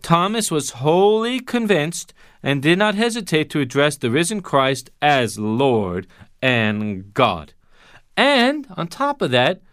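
Smooth-voiced emphatic male Bible teacher. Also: on the high side, fairly bright tone, no echo, clean studio sound. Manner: emphatic, drawn-out stresses on key words; patient step-by-step explaining.

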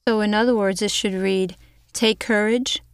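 A woman co-hosting a Bible teaching show, reading scripture aloud with a steady, careful delivery. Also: mid-range voice, moderate pace, clean tone, no echo, studio quality. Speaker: co-host and scripture reader.

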